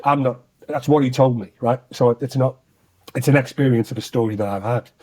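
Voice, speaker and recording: A man's voice: medium pitch, a little fast. A man, an actor and singer, telling a personal story in a conversation and acting out the voices he quotes. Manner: animated storyteller who acts out quoted voices.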